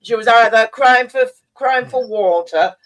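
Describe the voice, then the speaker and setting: A woman's voice: on the high side, a little slow, crowd noise. A woman co-hosting a casual livestream, blunt and sweary, reading comments aloud and laughing easily. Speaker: livestream co-host.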